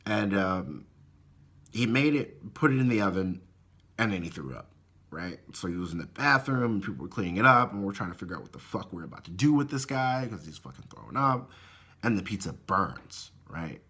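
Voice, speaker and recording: A man telling a story in a casual vlog, swearing often and talking in an animated way. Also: sits low, fairly quick, husky. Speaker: vlogger.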